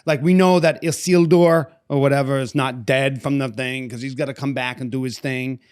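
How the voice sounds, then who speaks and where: A man's voice: mid-range voice, steady tone, normal speed, darkish tone, smooth. A young man in casual podcast chat, musing aloud, hesitant and searching for words. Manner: musing, hesitant, many fillers and restarts. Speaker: podcast co-host.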